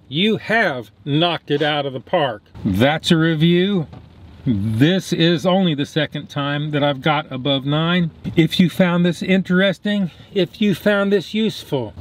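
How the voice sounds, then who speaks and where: A man casually reviewing fast food in his car, enthusiastic and talking with his mouth full. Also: on the high side, slight background noise.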